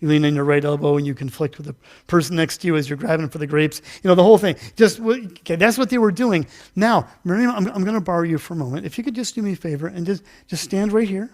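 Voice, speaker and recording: A man with a fairly high voice preaches a loose, conversational sermon in a church sanctuary. He chats with the congregation, pokes fun at his own mix-ups, and acts out the story with volunteers. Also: fast, few pauses, darkish tone. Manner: chatty, self-deprecating, acts out the story with volunteers. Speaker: pastor. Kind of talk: casual interactive sermon.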